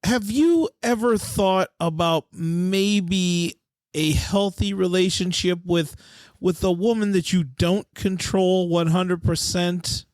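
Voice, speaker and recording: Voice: mid-range voice, slow pace, darkish tone, dry recording, lightly acted. Someone playing an earnest, insistent talk-show doctor. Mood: concerned. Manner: earnest, insistent, keeps cutting in. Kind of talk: improvised comedy sketch.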